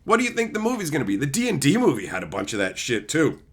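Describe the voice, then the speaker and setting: A man's voice: fairly high pitch, wildly swooping pitch, fast talker, fairly bright tone, slightly rough. A man streaming, giving a heated, profane rant full of insults. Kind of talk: ranting stream commentary.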